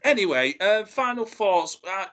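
A man co-hosting a podcast, jokey and halting, often restarting his sentences. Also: high-pitched, lively intonation, fairly bright tone. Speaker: podcast co-host. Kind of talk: casual review chat.

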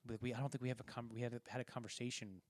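A man's voice: medium pitch, flat delivery, very fast, darkish tone, no echo. A man casually talking through a film, rambling and acting out quoted lines as he retells scenes. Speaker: podcast co-host.

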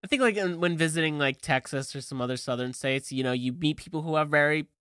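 A man's voice: fairly high pitch, quick pace, pushed and bright, clear, resonant tone, dry recording, studio quality. A young adult man co-hosting a podcast in casual chat, easygoing, often trailing off and laughing. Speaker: podcast co-host.

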